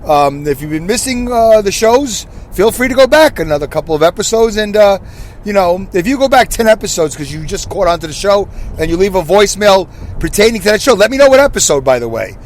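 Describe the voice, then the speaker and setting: A man's voice: high-pitched, very animated, brisk, slight background noise. A man in his sixties hosting a casual solo podcast from his car, rambling and correcting himself, and asking listeners questions. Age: 60s. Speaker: podcast host.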